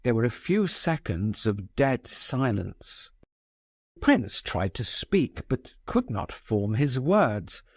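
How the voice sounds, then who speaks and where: A man reading a classic novel aloud as audiobook narrator, with a measured, expressive delivery. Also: medium pitch, slightly rough, dry recording, studio quality. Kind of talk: scripted narration.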